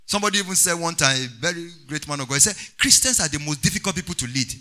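A man's voice: a little high, very fast, bright, forceful tone. A man preaching a sermon in an emphatic, sing-song way, calling on the congregation to respond.

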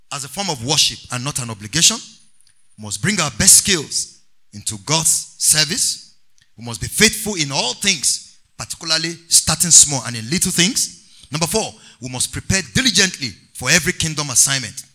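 Male preacher, high bright voice, sweeping sing-song delivery, call-and-response sermon. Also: big pitch swings, normal speed.

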